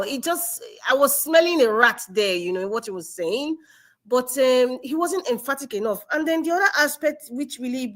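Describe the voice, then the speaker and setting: A woman's voice: a little high, a bit bright. Impassioned Nigerian woman hosting a live stream. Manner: earnest and emphatic, builds to passionate appeals. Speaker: live-stream show host.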